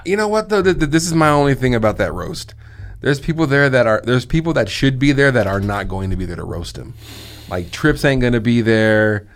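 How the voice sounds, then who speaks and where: A man's voice: medium pitch, lively intonation, fairly quick. A man in his thirties co-hosting a casual wrestling chat, joking and teasing. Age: 30s. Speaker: podcast co-host.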